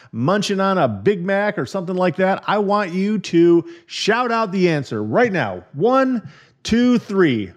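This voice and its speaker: A man hosting a podcast, talking straight to listeners, emphatic and fond of repeating key phrases and asking questions. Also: fairly high pitch. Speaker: podcast host. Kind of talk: energetic podcast monologue.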